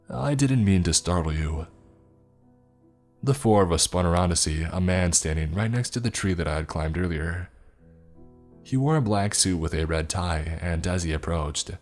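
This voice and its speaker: A man with a very deep voice reads a scary story in a steady, measured delivery. Faint music plays softly beneath his narration. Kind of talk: scripted horror story narration.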